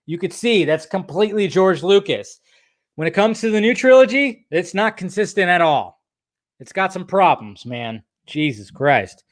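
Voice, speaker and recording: Casual male film-talk host, a touch high-pitched, loose and profane. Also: very animated, normal speed, no echo. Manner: rambling, profane, lots of fillers and restarts. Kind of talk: casual podcast chat.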